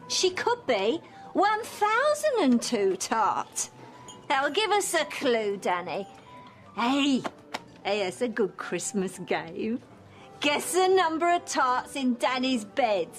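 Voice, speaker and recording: A woman's voice: high voice, sing-song, slow pace, soft background music, exaggerated voice. Drunk, mocking woman. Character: drunk bitter woman making a scene. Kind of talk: TV soap drama acting.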